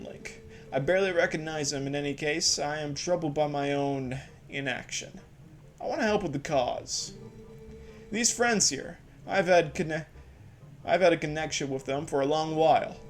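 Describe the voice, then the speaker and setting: A man voicing an earnest, dutiful middle-aged swordsman and father, measured in tone. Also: fairly high pitch, lightly acted.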